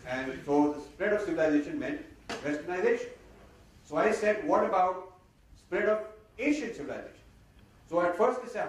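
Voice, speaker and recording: A man giving a lively, sardonic talk to an audience, slipping Hindi phrases into his English. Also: sits high, brisk. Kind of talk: lecture to an audience. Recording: very echoey hall, mic far off, faint noise.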